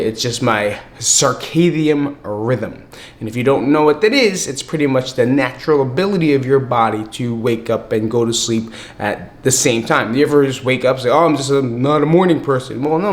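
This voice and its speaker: A man from the US East Coast hosting a podcast, talking in an energetic, hyped, chatty way in a casual monologue. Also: mid-range voice. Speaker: podcast host.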